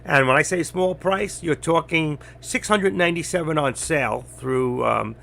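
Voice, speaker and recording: An older man talking bluntly and rambling on a trading live stream, getting louder as he teaches. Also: on the high side, normal speed, gravelly. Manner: blunt, rambling, gets loud when teaching. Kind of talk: casual live-stream talk.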